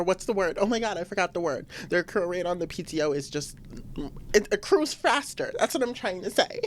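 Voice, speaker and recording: A woman's voice: a little fast, slight background noise. A young woman hosting a casual solo podcast, venting animatedly with frequent laughs. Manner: animated, venting, laughs often, swings to high exclamations. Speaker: podcast host.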